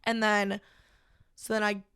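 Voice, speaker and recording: A young woman, a podcast guest, recounting a personal story in casual conversation, halting and full of "like". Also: medium pitch, flat delivery, a bit bright, smooth, no echo, studio quality. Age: young adult. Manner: halting, heavy use of "like", emotional retelling.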